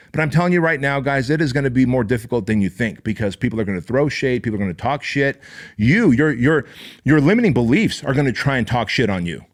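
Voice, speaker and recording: A middle-aged man hosting a show, pitched in the middle range for a male voice. He talks bluntly and swears freely in a fired-up motivational monologue. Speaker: podcast host.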